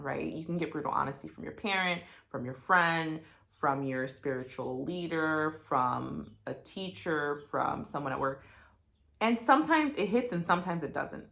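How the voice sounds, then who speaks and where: A woman's voice: low-pitched, creaky, fairly bright tone. A woman vlogging candidly about a breakup, blunt and profane, heartfelt and full of fillers, growing emotional. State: getting emotional. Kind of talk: candid talking-head vlog.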